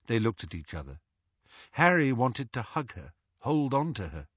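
A man with a medium-pitched, slightly rough voice narrates an audiobook at a moderate pace in an expressive, storytelling manner. The sound is lo-fi but has no echo.

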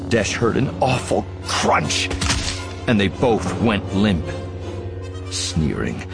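A man narrating a dramatic story in an expressive audiobook reading, shifting voices for the characters. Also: medium pitch.

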